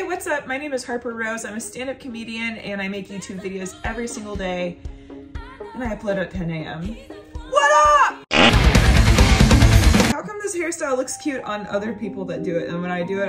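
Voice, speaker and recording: A woman's voice: medium pitch, quick pace. A young woman from North Carolina, a comedian telling a story straight to the camera. She jumps into her relatives' voices as she goes, and music plays under her talk. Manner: animated, acts out voices of family members. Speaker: stand-up comedian and YouTuber. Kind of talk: casual storytelling vlog.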